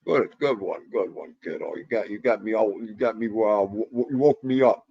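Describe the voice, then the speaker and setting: A man hosting a livestream, rambling excitably and greeting viewers by name. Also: on the low side, normal speed, vocal fry, breathy edge, dry recording, highs cut off. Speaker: livestream host. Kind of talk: casual chat.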